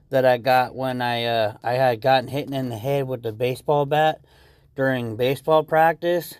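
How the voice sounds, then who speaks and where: Halting man leaving a voice message. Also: medium pitch, steady tone, a little mellow, clear, resonant tone, dry recording. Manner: halting storytelling. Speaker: listener leaving a talkback message. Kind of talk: recorded voice message.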